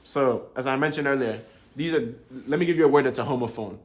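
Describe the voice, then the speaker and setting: A man's voice: mid-range voice, fast talker. Laid-back young man explaining casually. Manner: laid-back, calls viewers bro, chuckles while explaining. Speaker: language learner teaching viewers.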